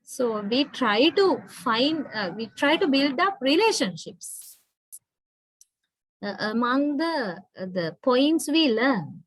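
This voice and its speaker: Sri Lankan woman lecturer, fairly high voice, dry close sound, patient and explanatory, keeps asking "right?". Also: big pitch swings, takes it slowly, dry recording, poor audio. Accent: Sri Lankan English. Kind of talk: online university lecture.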